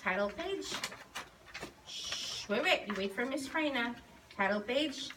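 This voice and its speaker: A woman's voice: fairly high pitch, lively intonation, moderate pace. A woman teacher leading a guided reading lesson with young children, patiently prompting and drawing out words. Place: school classroom. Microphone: recording device set at a distance. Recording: distant mic in a noisy classroom.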